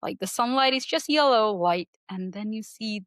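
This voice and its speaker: A woman talking as a podcast guest, thoughtful and searching for her words, with small soft laughs. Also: medium pitch, expressive, normal speed, no room sound. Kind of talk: reflective conversation.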